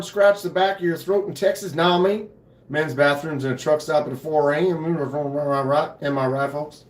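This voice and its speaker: Hoarse man chatting on a live stream. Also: mid-range voice, reverberant. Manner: laid-back, chatty, clears throat often. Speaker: knife channel host. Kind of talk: casual live stream chat. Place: home knife room.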